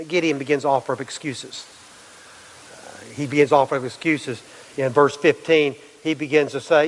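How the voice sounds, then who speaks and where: A man's voice: medium pitch, steady tone, moderate pace, long reverb tail, rough recording. A pastor delivering a conversational sermon, acting out quotes and often repeating words as he goes.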